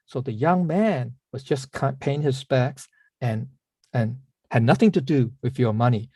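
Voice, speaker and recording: A man's voice: mid-range voice, moderate pace, mellow, husky, no room sound. A man telling a story in an online class, rambling, with many restarts, repeated words and apologetic asides. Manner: apologetic asides when losing the thread. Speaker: teacher.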